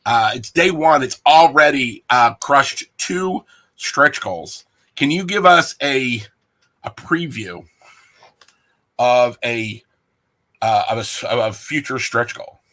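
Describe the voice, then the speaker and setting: Bright, playful male host. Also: mid-range voice, animated, takes it slowly. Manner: playful, rambling and jokey. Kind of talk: casual livestream chat.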